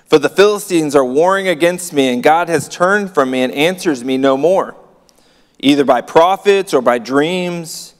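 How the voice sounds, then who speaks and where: Man preaching in a reverberant hall. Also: fairly high pitch. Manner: conversational, wry asides, reads verses aloud. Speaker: pastor. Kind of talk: sermon reading and commenting on scripture.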